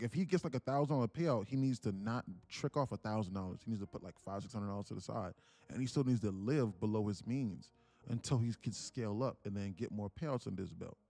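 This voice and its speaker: A man's voice: on the low side, a little mellow, no room sound. A man mentoring viewers on a live trading stream, talking in loose slang and calling the chart as it moves. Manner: loose slangy talk, sings and laughs between chart calls. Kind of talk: casual livestream commentary.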